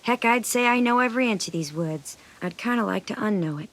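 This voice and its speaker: A woman's voice: mid-range voice, a little fast, lightly acted. A woman playing an anxious teen girl. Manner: shaky, self-calming. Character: anxious teenage girl from the woods. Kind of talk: video game voice acting.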